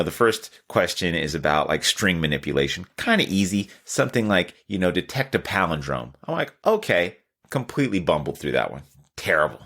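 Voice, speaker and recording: A man's voice: extremely low pitch, a bit bright. A man, telling a candid, self-deprecating story in a casual podcast chat. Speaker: podcast host.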